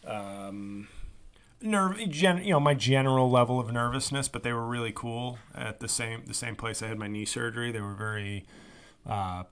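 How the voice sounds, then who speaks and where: A man hosts a solo podcast in a loose, rambling monologue. He is sarcastic and swears freely, and his pitch sits in an ordinary middle range. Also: normal speed, fairly bright tone, clean tone. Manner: sarcastic, rambling, swears freely, mocks actors with put-on voices. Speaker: podcast host.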